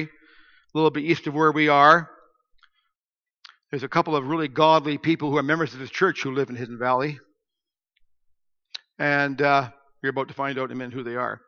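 A male pastor delivers a storytelling sermon, his bright, fairly high voice dropping to a hush and then rising to loud emphasis. The sound carries the long echo of a church hall and a dull, lo-fi tone. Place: church sanctuary.

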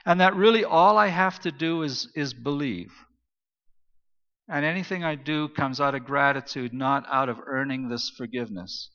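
A male pastor delivers a sermon in a loose, anecdotal way, with plenty of ums and restarts. His voice is bright and pushed forward. It rings through a big reverberant church hall on a dull, muffled recording. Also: medium pitch, moderate pace. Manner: conversational, anecdotal, many fillers and restarts. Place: church auditorium.

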